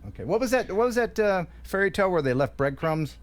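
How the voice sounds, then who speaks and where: A man from the USA hosts a live stream, joking around and reading chat messages in an animated manner. His voice is high-pitched and his pace quick.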